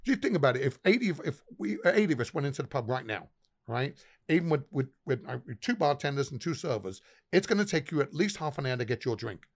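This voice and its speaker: A man's voice: mid-range voice, sing-song, fast talker. A middle-aged man, a pub owner guest, telling stories animatedly with lots of swearing and acted-out dialogue. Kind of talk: casual storytelling.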